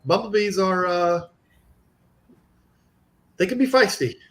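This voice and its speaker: A man's voice: high voice, slow. Blunt laughing man, casual chat. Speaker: aquarium YouTuber. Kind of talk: casual live-stream chat.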